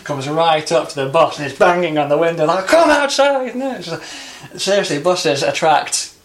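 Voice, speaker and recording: A man's voice: on the high side, fairly even intonation, normal speed. A young man telling stories in casual chat, rambling with lots of fillers.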